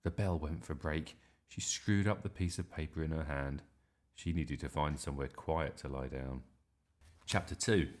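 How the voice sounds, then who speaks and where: A man reading a children's story aloud in an expressive, animated way. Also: very deep voice, moderate pace.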